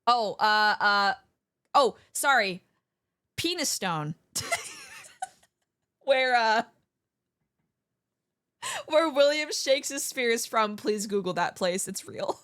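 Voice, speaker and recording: A woman's voice: fairly high pitch, expressive, slow, long pauses, fairly bright tone. A young adult woman streamer chatting casually, giggling and swearing playfully. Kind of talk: casual livestream chat.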